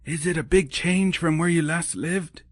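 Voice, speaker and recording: A man voicing Mrs. Claus in an audiobook, a cheerful, encouraging older woman with a brisk manner. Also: fairly high pitch, no echo, clean studio sound, pitched above the performer's own voice, natural voice. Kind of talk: audiobook character voice.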